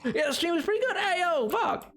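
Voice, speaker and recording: A man's voice: very high-pitched, big pitch swings, a little fast, creaky, fairly bright tone, soft background music, pitched above the performer's own voice, full character voice. A man streamer putting on a friendly Southern cowboy voice with a folksy drawl while greeting viewers on a live game stream. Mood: folksy cheerful. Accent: put-on American Southern. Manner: drawling, folksy phrases, breaks into laughter.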